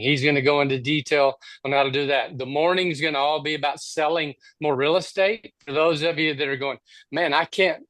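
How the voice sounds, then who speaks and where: A man co-hosting a training webinar over a video call, giving a punchy, repetitive sales pitch. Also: fairly bright tone, no room sound, rough recording.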